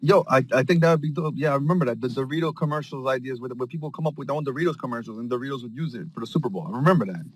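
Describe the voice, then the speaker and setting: A man in casual group chat on an audio call, rambling excitedly with lots of slang and acting out scenes. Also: mid-range voice, racing, few pauses, slight background noise. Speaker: space call participant.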